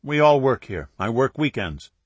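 A man reading an audiobook, voicing a suspicious young medical student who talks curtly and defensively, pushing his voice higher and louder. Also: sing-song, moderate pace, breathy edge, no echo. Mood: guarded. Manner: curt, sharp, guarded.

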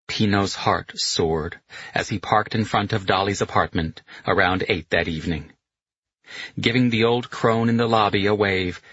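Male audiobook narrator, steady and measured, deep and husky. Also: no room sound, dull audio.

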